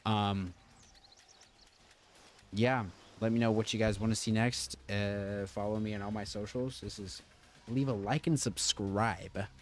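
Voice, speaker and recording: Male gaming channel host, a touch low-pitched, loose and rambling, stumbling through his own tutorial. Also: steady tone, measured pace, a little hiss or hum. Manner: rambling, stop-start, frequent fillers. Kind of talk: casual game tutorial commentary.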